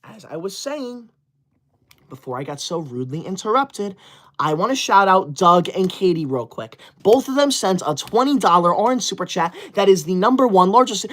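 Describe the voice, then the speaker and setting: A woman streaming live to her chat, thanking donors one moment and bossily scolding viewers the next. Her indignant voice jumps into sudden shouted outbursts. It sits at an ordinary middle pitch. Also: animated, brisk. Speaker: livestream host. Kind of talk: casual livestream chat, reading super chats.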